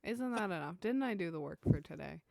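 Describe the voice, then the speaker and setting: A woman's voice: fairly low pitch, expressive, a little fast, vocal fry, a little mellow. A woman co-hosting a podcast in casual chat, playful and enthusiastic, stretching out words for emphasis. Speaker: podcast co-host.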